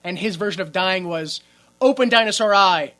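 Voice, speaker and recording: A man co-hosting a podcast, recapping a film in casual chat, animated and laughing often. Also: sits high, moderate pace. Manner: animated, laughs often, acts out characters' lines. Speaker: podcast co-host.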